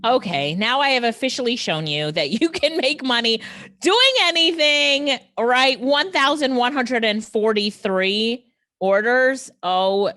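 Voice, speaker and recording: A woman's voice: on the high side, fairly bright tone, dry recording, studio quality. A woman hosting a casual online training, reacting with laughter and enthusiasm. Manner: enthusiastic, laughs often, asks the viewer questions.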